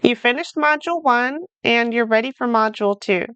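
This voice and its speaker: A woman's voice: a little high, brisk, fairly bright tone, clear, resonant tone, no room sound. A woman teaching a beginner language lesson, patiently saying each phrase and then repeating it for learners. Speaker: German teacher. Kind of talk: slow, clearly articulated beginner language lesson.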